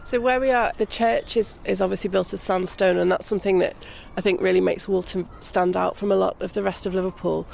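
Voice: mid-range voice, steady tone, brisk, gravelly, few pauses, darkish tone, slight background noise. An interviewer asking conversational questions outdoors beside a church.

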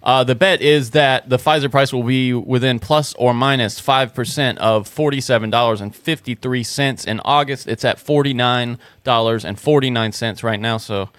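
A man's voice: medium pitch, moderate pace, few pauses, a bit bright, clean tone, no echo. A man giving a matter-of-fact update in a casual podcast chat.

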